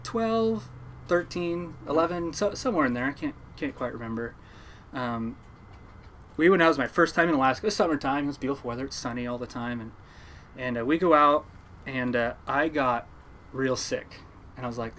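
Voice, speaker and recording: A man, a fishing boat captain, telling stories from his life at sea to a podcast host in a lively, laughing way. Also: medium pitch, moderate pace, a little hiss or hum. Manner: animated yarn-spinner, laughing at his own story. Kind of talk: casual storytelling.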